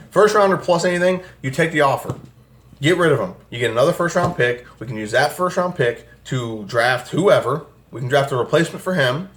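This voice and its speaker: Sitting in a room at home with the air conditioner on, a young man with a medium-pitched, slightly bright voice delivers an angry, swear-filled rant about his football team for his fan channel's sports commentary vlog.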